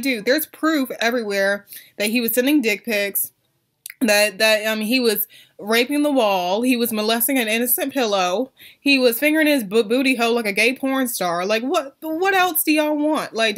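A woman's voice: a little high, moderate pace, fairly bright tone. A woman vlogger ranting on camera, blunt and profane, with lots of "like" and "um" fillers. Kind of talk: ranting vlog.

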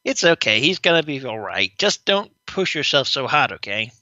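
A man's voice: mid-range voice, big pitch swings, moderate pace, sharp tone, no echo, dull audio, voice pushed down. A man voicing a clumsy, apologetic young female tank in a game let's play. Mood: flustered.

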